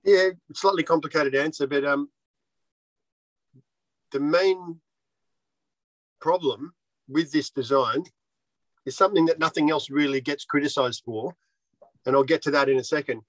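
A man's voice: a little high, measured pace, long pauses, no room sound, low-quality recording. A man who designs surfboards, talking bluntly and swearing freely in a casual interview. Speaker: surfboard shaper.

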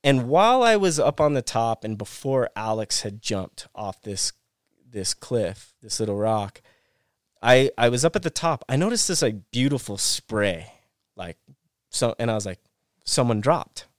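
A man's voice: medium pitch, animated, a little slow, no echo, clean studio sound. A middle-aged man, a former pro snowboarder, retelling an avalanche rescue as a podcast guest in a rush of restarts and repeated phrases. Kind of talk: casual storytelling interview.

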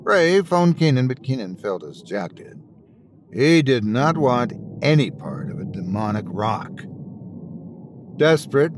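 A man narrating a scripted horror story in a slow, dramatic storytelling manner. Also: medium pitch, a little hiss or hum.

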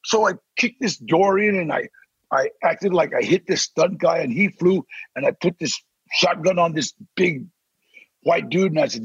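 An older man, a podcast guest, telling animated stories in a casual interview and acting out the voices he quotes. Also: a little high, moderate pace, no room sound. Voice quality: gravelly, husky. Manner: animated, acts out quoted voices, growls threats. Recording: dry, slightly dull sound.

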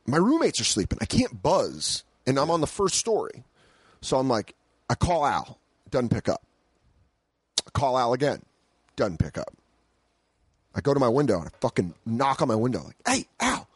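A man telling a wild story in an excitable, animated way, acting out the voices of the people in it. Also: medium pitch, normal speed, pauses often, breathy edge, no room sound. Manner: excitable, acts out voices while telling stories. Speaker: podcast guest.

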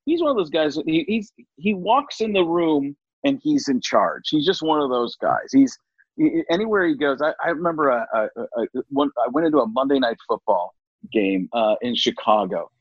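A male comedian chatting in an interview, animated and slipping in and out of voices. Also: fairly high pitch, moderate pace, husky, no room sound. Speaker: comedian guest. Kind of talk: casual interview chat. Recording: dull lo-fi dry sound.

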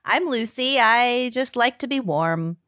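High, animated woman with wry quips. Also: a little slow, no room sound, clean studio sound. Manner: wry quips, laughs often. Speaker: podcast co-host. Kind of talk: casual chat.

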